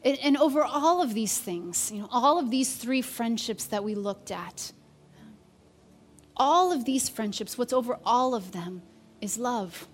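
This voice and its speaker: Woman, preacher, sermon, candid storytelling, slightly high voice. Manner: candid storytelling, acts out quotes. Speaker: pastor.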